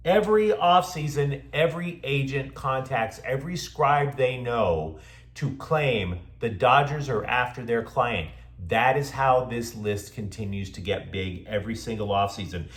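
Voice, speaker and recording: A man's voice: medium pitch, unhurried, fairly bright tone, roomy sound. A man hosting a sports show, delivering scripted commentary with sarcastic, mocking asides.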